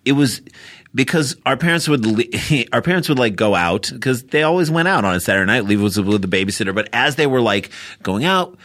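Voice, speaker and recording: A middle-aged man, a comedian guest, telling stories in casual chat with lively laughs. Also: medium pitch, fairly quick. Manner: animated storytelling, laughs often.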